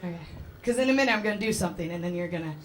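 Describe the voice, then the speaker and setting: A woman's voice: lowish voice, animated, rapid-fire. A woman doing stand-up comedy on a club stage, brash and chatty, with a lot of swearing. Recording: live club, loud crowd.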